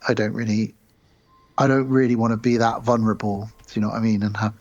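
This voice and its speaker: A man's voice: fairly low pitch, steady tone, a little mellow, dull audio. A man co-hosting a podcast, chatting casually about a film and retelling scenes. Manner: retells scenes with quick put-on voices, swears. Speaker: podcast co-host. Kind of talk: casual film review chat.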